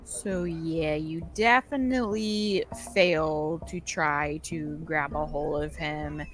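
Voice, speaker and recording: A woman with a slightly low voice runs a tabletop game, calmly narrating what happens and checking the rules. Faint music plays behind her. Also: takes it slowly. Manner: relaxed, plain narration of rules and outcomes. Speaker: game master. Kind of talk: running a tabletop game over voice chat.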